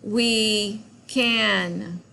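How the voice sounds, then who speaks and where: A woman teaching a French grammar lesson, explaining slowly and patiently in a classroom-style recording. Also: medium pitch, steady tone, vocal fry, pushed and bright.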